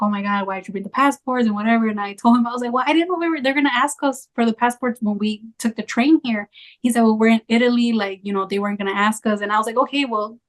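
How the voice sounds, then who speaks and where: A young woman in casual conversation, telling a travel story in a chatty, animated way with lots of fillers. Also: medium pitch. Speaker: travel creator.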